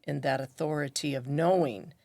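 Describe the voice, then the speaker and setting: A middle-aged woman telling a personal story in conversation, animated and acting out what others said. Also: low-pitched, normal speed, gravelly, dry recording. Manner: animated, acts out quoted voices. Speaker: guest.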